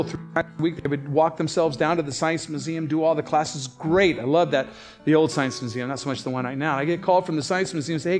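A man delivers a sermon in a voice that sits a bit higher than most men's. He tells stories with lively energy, jumping up in pitch to act out the people he quotes. Faint guitar plays softly beneath him. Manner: animated storytelling, voices rising sharply for quoted people. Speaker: pastor.

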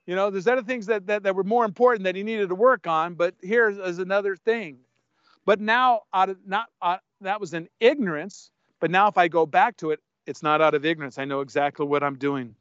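A man's voice: sits high, fairly quick, a bit bright, clean tone, no echo. An older man preaching a sermon, speaking bluntly and conversationally between scripture readings. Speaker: pastor. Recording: dull lo-fi dry sound.

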